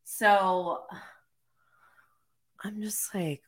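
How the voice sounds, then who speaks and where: A woman in her forties talks straight to camera at an unhurried pace, with a voice lower than most. She rambles through her story in a casual, chatty way and leans on "like" as she goes. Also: a bit bright. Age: 40s. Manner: chatty, filler-heavy storytelling with frequent "like". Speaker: mom vlogger. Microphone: camera mic.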